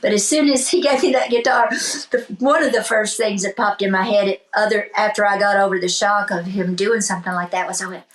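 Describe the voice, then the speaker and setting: Fairly quick and fairly even in intonation, her medium-pitched voice comes through a low-quality recording. As a guest country singer-songwriter in a casual interview, she acts out voices in her animated stories and speaks of her faith and blessings.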